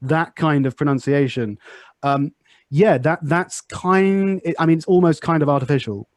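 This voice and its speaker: A man's voice: on the high side, moderate pace, dry recording. English man talking in a dry room. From England. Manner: chatty, thinks aloud, explains through examples. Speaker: podcast host. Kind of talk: casual conversation.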